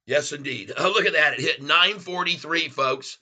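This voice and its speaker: A man hosting a live day-trading stream, excitedly calling out prices, placing orders and greeting viewers as "folks.". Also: a little high, normal speed. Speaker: stock trading livestream host.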